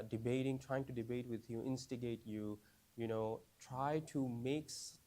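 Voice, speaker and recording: Man in his own voice leading a relaxed class, mid pitch, keeps checking "right?" with the room. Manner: conversational, asks the class many questions; repeats phrases, frequent "right?" and "you understand?". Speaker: teacher of a class for new Muslims. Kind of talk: casual classroom teaching.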